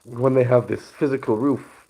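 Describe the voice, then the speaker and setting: A man talks through a relaxed teaching monologue at an ordinary pitch. He sounds short of breath, and something seems stuck in his throat. His delivery rambles, full of restarts and self-corrections. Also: normal speed. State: out of breath and coughing. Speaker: speaker explaining holiday teachings. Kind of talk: casual spoken teaching monologue.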